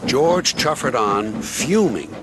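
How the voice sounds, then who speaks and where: A man reading a children's story aloud in an expressive storytelling manner. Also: medium pitch, slow pace. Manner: expressive reading with many voices. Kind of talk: storybook narration. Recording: narration over loud music.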